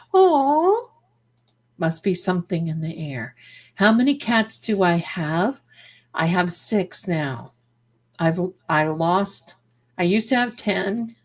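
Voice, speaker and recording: Woman, psychic live-streamer reading her chat aloud, lower-pitched, chatty, rambling and affectionate.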